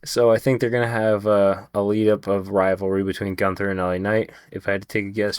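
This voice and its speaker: A man's voice: on the low side, smooth, dry recording, studio quality. A man reviewing a wrestling show in a casual vlog, rambling, swearing freely and restarting his sentences often. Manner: rambling, profane, frequent restarts.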